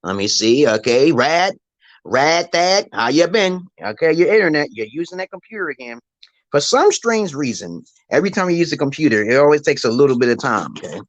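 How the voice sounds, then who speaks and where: Middle-aged male stream host, rambling and profane, lively swooping pitch, dry close phone sound. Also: fairly quick, no echo, dull audio. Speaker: livestream host. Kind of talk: rambling live-stream monologue.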